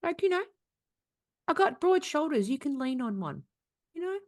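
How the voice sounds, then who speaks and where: A woman's voice: sits high, very animated, moderate pace. An Australian woman co-hosting a podcast, telling stories in casual chat, swearing freely and laughing often. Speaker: podcast co-host.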